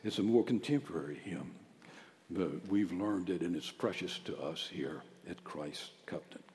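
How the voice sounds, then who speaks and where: Guy preaching a sermon, goes big and loud then drops to a near whisper, church echo all around. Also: deep voice, normal speed. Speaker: pastor. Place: church sanctuary.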